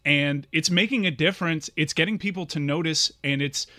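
A man with a bright, forceful voice co-hosts a podcast. He trades dry, sarcastic banter, and his voice sits a little high. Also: a little fast, dry recording. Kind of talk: casual chat.

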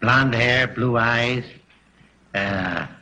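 A man's voice: mid-range voice, extremely slow, pushed and bright, slight background noise, heavily acted, rough recording. An actor playing a polite, hesitant male butler in an old film. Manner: deferential, hesitant.

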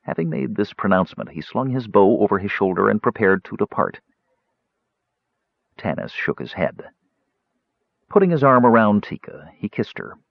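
A man with a very deep voice narrates a fantasy novel. His delivery rises and falls expressively. The recording is dry and slightly muffled. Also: moderate pace, vocal fry, long pauses, no room sound. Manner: expressive, varied storytelling. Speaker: audiobook narrator. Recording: dull dry studio recording.

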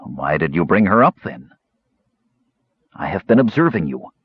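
A man's voice: low-pitched, big pitch swings, normal speed, breathy edge, no room sound, dull audio, heavily acted. A man doing Raistlin, a cold sickly young mage. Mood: scornful. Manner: cold, clipped, scornful. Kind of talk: audiobook character voice.

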